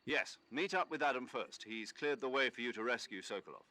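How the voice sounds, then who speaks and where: An actor playing a stern male commanding officer briefing an agent in a video game, measured and authoritative. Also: medium pitch, lively intonation, bright, forceful tone.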